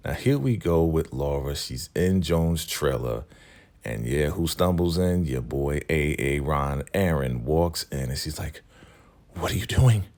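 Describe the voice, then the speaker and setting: Gravelly low-voiced man recapping a show. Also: a little slow. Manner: animated, conversational, acts out scenes. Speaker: recap host. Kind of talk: casual TV episode recap.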